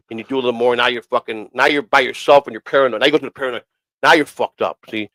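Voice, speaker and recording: A man spins a loose, profane story at a rapid clip, circling back and repeating lines as he goes. His voice sits in a middle pitch, and the recording is dry and close with no room sound. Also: fairly even intonation, a bit bright, dry recording, poor audio. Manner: profane, rambling, repeats himself. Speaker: podcast host. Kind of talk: casual storytelling.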